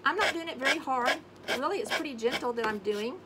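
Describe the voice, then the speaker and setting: Brief: a woman host of a casual crafting video, slightly high pitched, chatty and sing-songy, with audible background noise. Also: lively intonation, fairly quick. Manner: chatty, sings little scat tunes while working. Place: home craft space on an acreage.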